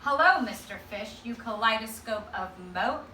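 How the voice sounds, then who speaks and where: A woman's voice: on the high side, expressive, normal speed, bright, forceful tone, a little hiss or hum, pitched below the performer's own voice. Woman reading as a squirmy cheeky squid. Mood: teasing. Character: squirmy, slightly rude female squid. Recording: echoey classroom from far off.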